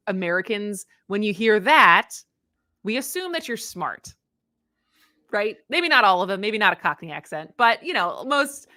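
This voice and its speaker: A woman hosting a live radio talk show, asking questions in a quick, chatty, energetic way. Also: mid-range voice, no room sound, studio quality.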